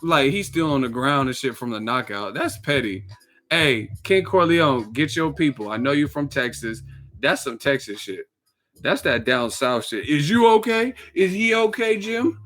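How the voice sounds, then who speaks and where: A man's voice: medium pitch, normal speed, pushed and bright, soft background music. A man from the Bay Area hosting his own channel, giving a casual, joking, profane rant that is full of acted-out quotes. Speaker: boxing commentary channel host.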